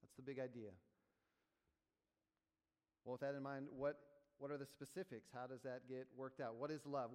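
A male pastor preaches to his congregation in a smooth, resonant voice. He explains things patiently, then builds rhythmic, emphatic refrains. The sound carries the long reverb of a church sanctuary. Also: mid-range voice. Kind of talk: sermon.

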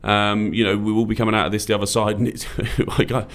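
A man's voice: lowish voice, flat delivery, fast talker, a bit bright. A British man in his thirties co-hosting a podcast, rambling and joking in casual chat. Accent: British English. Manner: rambling, jokey, puts on drunk-bloke voices. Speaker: podcast co-host.

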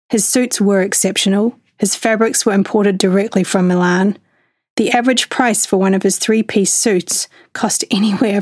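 A woman's voice: medium pitch, a little mellow, no echo. A woman hosting a podcast, reading a scripted story and lesson in a polished, storytelling delivery on a close mic. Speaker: podcast host.

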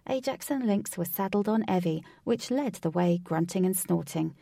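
A woman narrating a storybook aloud in a steady, measured reading, recorded from a distance from the microphone. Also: fairly low pitch, gravelly, no room sound. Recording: distant from the mic, dry.

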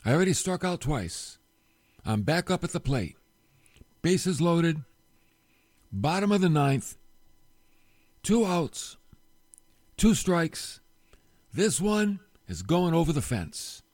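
A man's voice: fairly high pitch, big pitch swings, slow, pauses often, darkish tone, no room sound, clean studio sound, exaggerated voice. A man speaking the imagined inner thoughts of a disciple who is cornered but boasting, told in a sermon. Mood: determined. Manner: inner monologue, sporty bravado.

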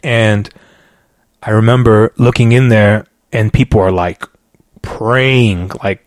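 A man telling his personal faith testimony as a podcast guest, in an animated, storytelling way with many fillers, and by his own account a loud talker. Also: on the low side, slow, dry recording. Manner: self-described loud talker.

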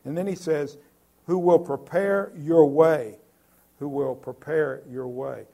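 Man, preacher, sermon, husky, slow, earnest, halting. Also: a little high, darkish tone. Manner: earnest preaching with many filler "uh"s and repeats.

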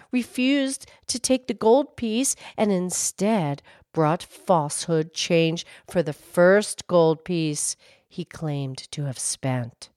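A woman reading folk tales aloud in an expressive, measured storytelling manner. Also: low-pitched, no room sound, studio quality.

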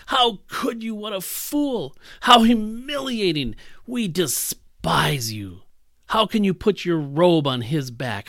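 A man's voice: sits high, a bit bright, no room sound, voice pushed up. A man preaching, voicing a crowd of outraged men who scold and accuse in a raised voice.

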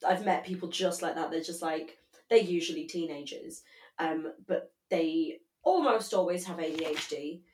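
A woman co-hosts a podcast in relaxed, candid chat and laughs easily. Her voice is a little low and carries a roomy echo. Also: normal speed. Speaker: podcast co-host. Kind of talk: casual chat.

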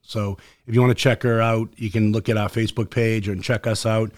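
A man with a Boston accent hosting a casual podcast, talking fast and passionately, with many fillers and restarts. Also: on the low side, level tone, no room sound, studio quality. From Boston area. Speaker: host.

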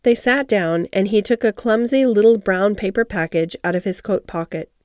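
A woman narrating an audiobook of a classic story in a calm, measured reading style. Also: mid-range voice, no room sound, clean studio sound.

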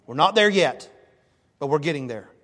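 High-voiced preacher in a reverberant hall. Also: male voice, normal speed. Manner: animated storytelling, emphatic rises. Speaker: pastor. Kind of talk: sermon. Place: church sanctuary.

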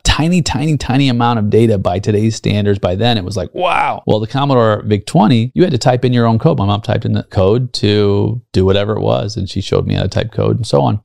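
A man's voice: mid-range voice, gravelly, darkish tone, no room sound, clean studio sound. A man in his fifties hosting a podcast, talking earnestly to listeners and telling personal stories with rhetorical questions. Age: 50s. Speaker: podcast host. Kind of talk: solo leadership podcast monologue.

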